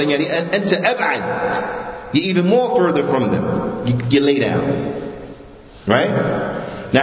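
A man with a New York accent gives a religious lecture, his voice sitting a little high for a man. He talks in a loose, conversational way, repeating his points and putting questions to the audience. The recording is roomy, with a long reverb trailing after his words. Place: mosque hall. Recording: echoey hall with long reverb.

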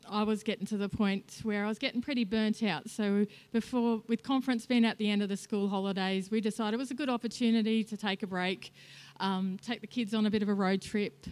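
A middle-aged woman sharing a personal church testimony, emotional and soft-spoken, with frequent pauses. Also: medium pitch, smooth. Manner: emotional, soft-spoken with many fillers and laughs. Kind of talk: testimony talk.

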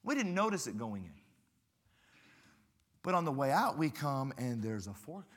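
A man's voice: mid-range voice, moderate pace. A man preaching a sermon as a guest pastor, telling stories with humor and repeating phrases for emphasis. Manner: animated, humorous storytelling with emphatic repetition.

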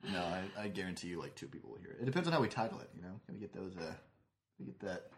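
A man's voice: low-pitched, lively intonation, racing. A young man hosting a casual podcast chat with friends, joking and steering the talk back on track. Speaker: podcast host.

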